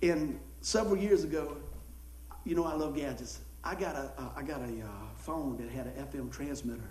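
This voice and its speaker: A man, a pastor telling folksy, animated stories in a sermon and acting out the people in them. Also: fairly high pitch, a little fast. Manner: folksy, animated storytelling with acted-out quotes and laughter. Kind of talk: storytelling sermon. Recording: echoey room.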